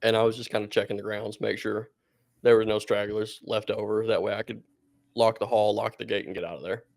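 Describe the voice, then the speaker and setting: A male podcast co-host with a gravelly voice tells a story in a loose, meandering way. He breaks into laughter often. His voice sits close and dry. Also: on the low side, little pitch movement, a little fast, darkish tone, dry recording. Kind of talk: casual podcast chat.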